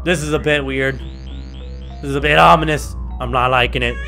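A young man giving excitable, trash-talking commentary while playing a video game. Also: medium pitch, a little fast, creaky, soft background music. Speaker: gaming video creator. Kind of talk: gameplay commentary.

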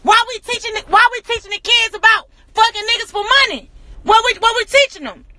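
Woman, very high voice, dry close sound, angry profane rant. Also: brisk, pushed and bright, no echo. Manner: profane, confrontational, repetitive rhetorical questions. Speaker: social media personality.

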